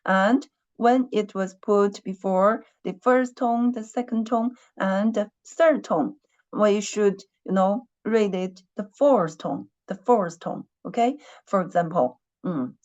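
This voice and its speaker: A woman's voice: medium pitch, slow, darkish tone, muffled recording. A woman teaching a Chinese class online, patiently repeating her questions and humming while she thinks.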